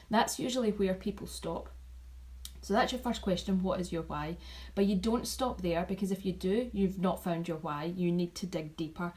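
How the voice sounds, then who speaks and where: A woman's voice: medium pitch, moderate pace, low-quality recording. Chatty woman sharing takeaways. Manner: chatty, repeats and restarts, animated asides. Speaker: vlogger sharing event takeaways. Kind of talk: casual talk to team.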